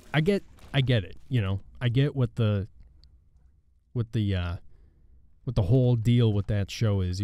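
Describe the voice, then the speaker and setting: Rambling young-sounding man, mellow voice. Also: on the low side. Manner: rambling, halting, sarcastic, many fillers. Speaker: gaming channel host. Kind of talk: casual commentary over gameplay.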